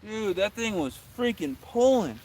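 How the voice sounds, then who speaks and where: A man's voice: sits high, expressive, measured pace, a little mellow. A young man on a casual fishing stream, exasperated, repeating himself and talking to his chat outdoors by the water.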